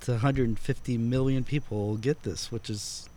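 A man's voice: mid-range voice, steady tone, normal speed, warm tone. A man hosting a casual chat, explaining at length with hesitant restarts.

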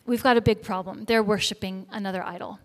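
A woman preacher delivering a sermon, telling a story in a lively, animated way and acting out the voices of the people in it. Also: medium pitch, quick pace. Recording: echoey hall reverb.

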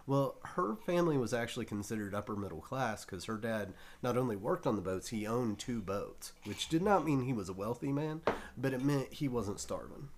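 A man's voice: mid-range voice, expressive, normal speed, a little hiss or hum. Man telling a profane story. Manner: profane, laughs often while telling. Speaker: storyteller on a talk show. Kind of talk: casual anecdote telling.

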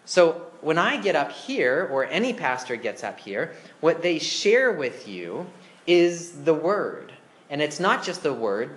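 A man's voice: fairly high pitch, a bit bright. A man preaching a sermon as pastor, conversational and asking the congregation questions. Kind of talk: interactive sermon. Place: church.

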